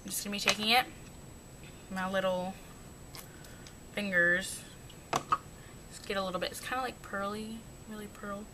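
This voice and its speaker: A young woman talks through her everyday makeup routine in a loose, rambling way, poking fun at herself as she goes. The home recording carries a clear background hiss with a low rumble. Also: fairly even intonation, moderate pace, long pauses. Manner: chatty, rambling, self-mocking. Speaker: beauty vlogger. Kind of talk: casual makeup tutorial chat.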